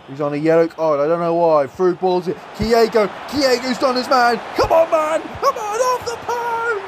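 A high-voiced man talks through his football game as he plays, calm one moment and shouting the next. He calls the action, swears freely and reacts loudly to every chance, with a faint hiss under the recording. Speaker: gaming YouTuber. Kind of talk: excited football game commentary.

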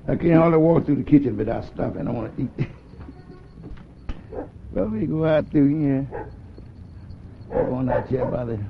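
A man's voice: mid-range voice, normal speed, gravelly, pauses often, noisy background. A man in his sixties telling rambling stories about his music career in a drawling way, acting out the other people's lines. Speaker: blues musician. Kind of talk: rambling storytelling. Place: outdoors in a city. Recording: dull old archive film audio with music.

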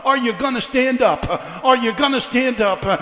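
A man's voice: very high voice, normal speed, pushed and bright. A male evangelist preaching a fiery revival sermon, breaking his lines with "uh" and building by repeating the same questions. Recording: echoey hall.

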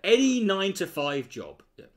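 A man riffs sarcastically over a clip, his pitch swinging widely and sitting a touch high. He swears often and mocks the speaker with exaggerated mimicry. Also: wildly swooping pitch, moderate pace, a bit bright. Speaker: commentator reacting to a video. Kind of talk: reaction commentary.

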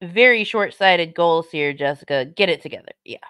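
A woman's voice: fairly low pitch, lively intonation, normal speed, a bit bright, smooth, dry recording, clean studio sound. A woman streamer giving casual commentary on clips and reading chat, sarcastic, blunt and mocking.

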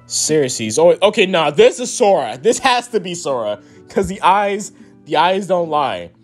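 A young man streaming a casual comic read-along, excitable, swearing and laughing often. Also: a little high, normal speed, soft background music.

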